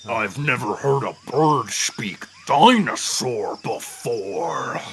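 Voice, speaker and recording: Guy doing a big pompous dinosaur king, lordly and condescending, talks down to everyone, faint hiss in the background. the voice sits at an ordinary middle pitch and he takes his time with every line. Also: expressive, slow. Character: boastful male T-Rex king of feathers.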